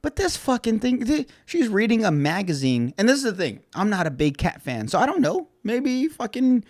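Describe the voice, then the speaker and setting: A man's voice: high voice, normal speed, no room sound, studio quality. A man hosting a podcast in casual chat, rambling and swearing often, with lots of fillers. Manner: rambling and profane, with many fillers; grows loud and animated when retelling something funny. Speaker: podcast host.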